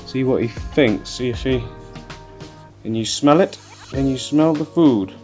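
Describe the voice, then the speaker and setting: Guy vlogging at home, chatty, baby-talks his pet, soft music in the back. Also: medium pitch, unhurried. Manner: chatty, coos at the pet, puts on little voices for it. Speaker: aquarium channel host. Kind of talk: casual vlog chat to camera.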